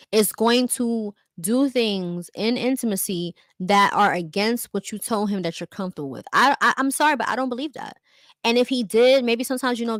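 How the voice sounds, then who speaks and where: A woman's voice: medium pitch, no echo. A young woman giving a candid, emphatic livestream monologue, full of "like" and "you know" fillers. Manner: candid, emphatic, acts out quotes in other voices. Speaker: vlogger.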